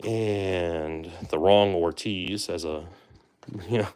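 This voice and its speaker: A man with a low, deep voice hosts a live stream in a relaxed, chatty way. He talks loosely with plenty of fillers and asides to his viewers. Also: drawn-out words, smooth. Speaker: livestream host opening baseball card boxes. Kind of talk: casual live-stream commentary.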